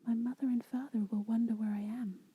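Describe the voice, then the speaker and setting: A woman voicing a frightened, pleading little girl in a soft whispered role-play for a storybook. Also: fairly high pitch, flat delivery, fairly quick, slightly rough, phone-quality sound. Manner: pleading, worried.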